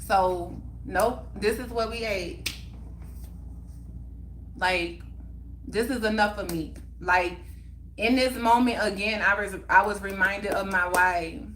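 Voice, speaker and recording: A woman speaks with a bright, clear tone, hosting a casual livestream chat. She talks in an emphatic, heartfelt way and repeats phrases to drive her point home. A faint hum of room noise sits underneath. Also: mid-range voice, steady tone, takes it slowly, pauses often. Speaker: livestream host.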